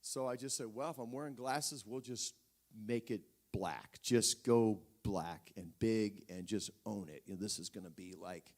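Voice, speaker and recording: A man's voice: lowish voice, unhurried, darkish tone. A male preacher telling a personal story in a sermon, talking conversationally with frequent restarts and fillers.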